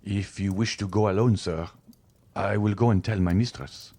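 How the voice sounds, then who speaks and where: A man's voice: lowish voice, steady tone, moderate pace, dark tone, close to an everyday voice. A man voicing a deferential household valet who answers politely in a subdued voice in an audiobook.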